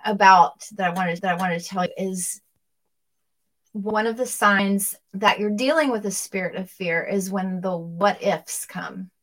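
A woman's voice: medium pitch, a little slow, a bit bright. Woman co-host, conversational, talks about her family and leads prayer. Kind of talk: casual talk, leading prayer.

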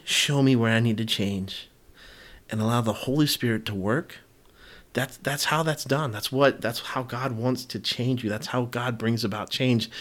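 Man, pastor, casual sermon, middling pitch, frequent restarts, playful acted-out quotes. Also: fairly bright tone. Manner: conversational, many restarts and fillers; acts out biblical figures in casual voices.

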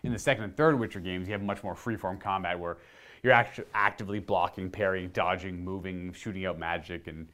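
A man from Ontario, chatting casually on his channel, rambling and correcting himself and getting animated while demonstrating. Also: deep voice, a little fast. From Ontario, Canada. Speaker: video host answering viewer questions. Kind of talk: casual chat.

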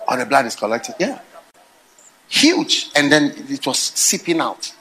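A man preaching a sermon, telling stories and swinging between quiet musing and loud exclaiming. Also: mid-range voice, sing-song, measured pace, rough recording. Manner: storytelling with acted quotes.

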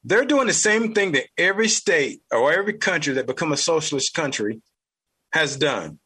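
A man with a Southern US accent, hosting a podcast with blunt, fired-up political commentary, mild cursing and a husky voice. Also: fairly high pitch, lively intonation, moderate pace, pushed and bright. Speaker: podcast host.

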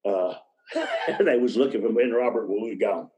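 An older man talks through his memories in a relaxed interview. His voice sits low, and he drifts from one story to the next, laughing softly mid-sentence. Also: moderate pace, poor audio. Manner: rambling anecdotes, chuckles mid-sentence. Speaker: guest, retired wrestler.

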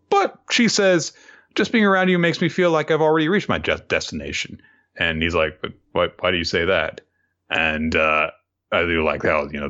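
Brief: low, bright-edged male voice, casual rambling recap, dull lo-fi recording. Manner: rambling, excitable, paraphrases characters with many fillers. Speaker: manga recap commentator. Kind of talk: casual recap of a comic chapter.

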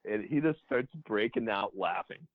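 Man, very low voice, dry tinny phone-line sound, casual storyteller, acts out dialogue. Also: moderate pace, dry recording. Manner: animated anecdotes, acts out dialogue. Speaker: professional baseball player.

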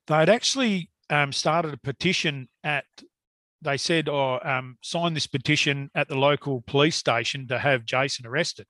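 A man's voice: on the high side, moderate pace, pushed and bright, no echo, studio quality. A middle-aged Australian man telling a long story in casual conversation, rambling and laughing often. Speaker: guest hunter.

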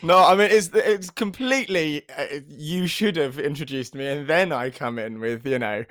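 A man's voice: on the high side, normal speed, fairly bright tone, no echo, clean studio sound. A man guesting on a podcast in casual chat, playful and self-mocking, laughing often. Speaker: guest, actor and voiceover artist.

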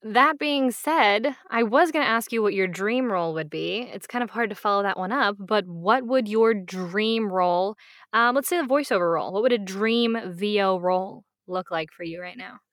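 A woman's voice: medium pitch, normal speed, a bit bright, dry recording. Woman, interviewer, friendly, brief replies, dry close recording. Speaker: interviewer, host. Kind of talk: casual interview.

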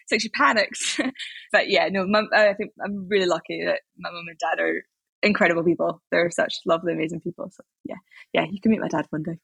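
A woman's voice: lowish voice, steady tone, creaky, a bit bright, slightly rough, dry recording. A young woman, a podcast guest, talking in a rambling, upbeat way in a casual interview. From Scotland. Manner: rambling, upbeat, quick talker.

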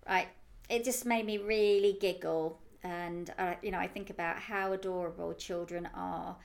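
A woman's voice: fairly low pitch, steady tone, moderate pace, gravelly. Giggly woman telling a chatty anecdote. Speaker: co-host. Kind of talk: casual chat.

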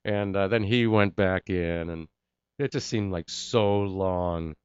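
A man's voice: low-pitched, slow pace, clean tone, no room sound, highs cut off. A man, an actor, telling an anecdote in an interview, acting out the lines of the people in it. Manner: animated anecdote-telling with acted-out quotes. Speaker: actor and guest. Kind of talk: interview storytelling.

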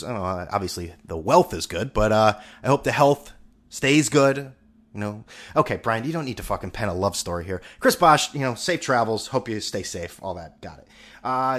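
A man's voice: medium pitch, a bit bright. A young man hosting a podcast, talking in a rambling, sarcastic and profane monologue. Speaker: podcast host. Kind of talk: casual monologue.

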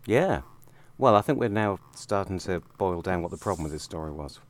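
A man's voice: low-pitched, expressive, brisk. A man in a casual panel chat, wry and pedantic. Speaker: podcast panelist.

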